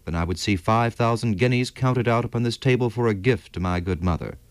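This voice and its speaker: A man's voice: on the low side, fairly quick, dry recording, close to an everyday voice. A man reading aloud, voicing a young army captain who speaks with grave, earnest reproach. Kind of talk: audiobook character reading.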